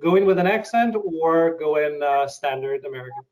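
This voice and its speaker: A man interviewing and sharing his acting experiences, thoughtful and hesitant with many pauses. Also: a little high, expressive, a little mellow, low-quality recording. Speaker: interviewer and actor. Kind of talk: casual interview.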